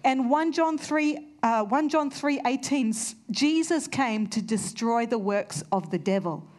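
A woman's voice: a little high, animated, measured pace, a little mellow. A woman preaching a sermon, earnest and conversational, telling personal stories. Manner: earnest, storytelling with conversational asides.

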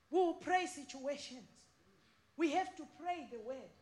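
A woman's voice: sits high, lively intonation, a little slow, a little mellow, echoey room. A middle-aged woman preaching a sermon from Africa, speaking fervently with emphatic repetition and storytelling.

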